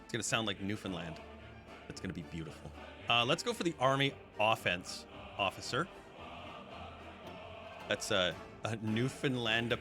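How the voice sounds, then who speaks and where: A man's voice: lowish voice, expressive, normal speed. A man giving chatty live commentary while he plays a strategy game and talks to his chat. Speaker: streamer. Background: background music.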